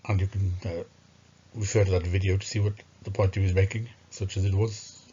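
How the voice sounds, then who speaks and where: A man's voice: deep voice, level tone, a little fast, dark tone, breathy edge. A man giving discursive, scornful commentary on philosophy, thinking aloud with hesitations. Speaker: philosophy video narrator. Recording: muffled lo-fi recording.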